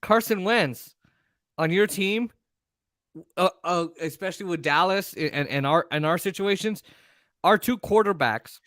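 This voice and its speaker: A man co-hosting a podcast, telling stories in a casual, profane, animated way. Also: high-pitched, unhurried, dry recording, clean studio sound. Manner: animated, profane, acts out voices. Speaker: podcast co-host. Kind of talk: casual storytelling chat.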